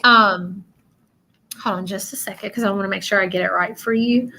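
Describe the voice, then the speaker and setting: A woman hosting a live-stream spirit reading, earnest and halting, repeating phrases and close to tears. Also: medium pitch, steady tone, gravelly, sharp tone, slight background noise. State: emotional, near tears. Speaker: psychic medium host.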